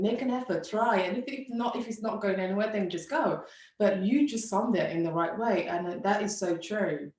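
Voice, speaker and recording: A woman's voice: lowish voice, darkish tone. A woman hosting an interview, asking eager questions and often stammering and restarting them. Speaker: host. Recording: roomy, distant from mic.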